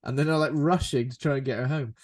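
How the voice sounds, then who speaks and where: A British man co-hosting a podcast, chatting casually about a film and acting out characters in quick jokey bits. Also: medium pitch, steady tone. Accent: British English. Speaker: podcast co-host.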